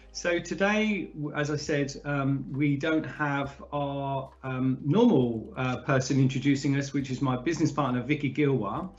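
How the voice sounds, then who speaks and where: A man hosting a discussion in a relaxed, chatty way, often pausing and restarting his sentences. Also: mid-range voice, muffled recording. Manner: hesitant, many fillers and restarts. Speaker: podcast host. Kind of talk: casual conversational hosting.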